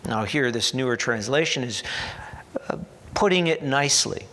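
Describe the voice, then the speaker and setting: A man preaching a sermon as pastor, earnest and deliberate, slipping in dry humorous asides. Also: mid-range voice, animated, sharp tone. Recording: long hall reverb.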